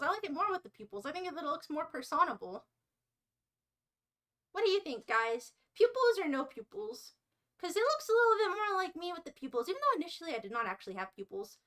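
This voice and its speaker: A woman streaming live while she cooks, gushing and excitable, chatting with her viewers. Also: high-pitched. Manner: bubbly, gushing, excitable, talks to chat. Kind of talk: casual live-stream chat while cooking.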